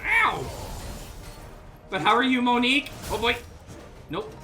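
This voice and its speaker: A man streaming a video game, giving excitable casual commentary and chatting with his viewers. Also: very high voice, slow pace, soft background music. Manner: excitable, talks to chat viewers.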